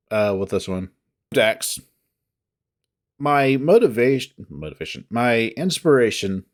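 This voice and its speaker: A man's voice: medium pitch, a little mellow. A man who reads visual novels, talking casually to his viewers in a rambling, hesitant, self-deprecating way. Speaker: visual novel reader and voice actor.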